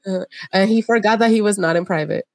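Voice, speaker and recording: A woman's voice: mid-range voice, fast talker, dry recording, studio quality. A woman co-hosting a podcast in casual chat, talking bluntly and animatedly and laughing between jokes. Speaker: podcast co-host.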